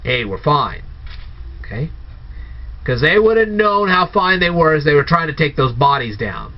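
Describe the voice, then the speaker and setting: A man's voice: a little high, animated, moderate pace. A man giving a casual spoken movie review, firing off incredulous, sarcastic rhetorical questions. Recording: dull lo-fi recording.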